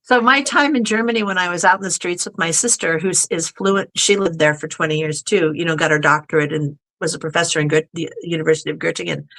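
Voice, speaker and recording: A woman's voice: fairly low pitch, steady tone, quick pace, gravelly, few pauses, a bit bright. A woman guest in casual conversation, chatty and acting out the people she quotes. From United States. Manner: chatty storyteller who acts out quoted people. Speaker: podcast guest.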